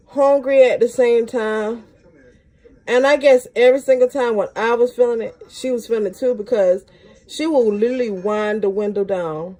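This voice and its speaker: A young beauty vlogger does her makeup while telling a laid-back story. Her speech is slangy, and her pitch shoots up whenever she gets excited.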